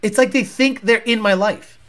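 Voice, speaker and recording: A man's voice: high voice, moderate pace, a bit bright. A man hosting a talk show, ranting in a blunt, profane and combative way. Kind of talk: casual rant.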